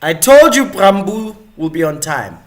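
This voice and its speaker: Slow-talking chatty male stream host. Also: high voice, big pitch swings. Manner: chatty and rambling, with many fillers and restarts. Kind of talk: live-stream commentary.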